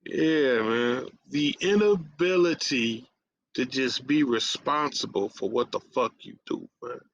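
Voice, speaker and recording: A man with a gravelly, creaky voice tells a rambling story in salty street slang, dropping "man" and "bruh" every few lines. The audio is dull and lo-fi. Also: mid-range voice, slow, slight background noise. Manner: profane, streetwise slang, frequent "man" fillers. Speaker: radio show host. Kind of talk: casual storytelling monologue.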